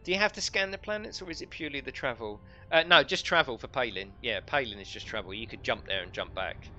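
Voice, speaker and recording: A man's voice: mid-range voice, quick pace, pushed and bright, dull audio, soft background music. A middle-aged man casually commentating a live game stream, chatting and joking with his viewers. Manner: jokey, chatty, reads out chat and laughs often.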